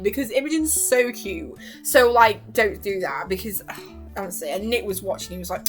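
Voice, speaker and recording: A young woman talks in an excited, casual way, gushing and acting out little quotes between laughs. Her voice sits at an ordinary middle pitch, and faint music plays softly underneath. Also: quick pace. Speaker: YouTuber reviewing a TV series.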